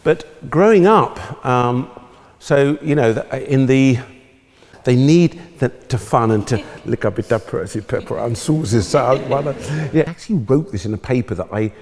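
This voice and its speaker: A man's voice: mid-range voice, normal speed, a little mellow, long reverb tail. A man telling stage anecdotes to an audience, theatrical and exclamatory, laughing often. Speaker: television chef.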